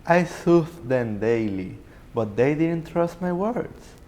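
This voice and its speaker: Man playing weary Moses, stage musical narration, measured, slow, long hall reverb. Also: on the high side, lively intonation, a little mellow. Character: weary adult male Moses leading grumbling people. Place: concert hall.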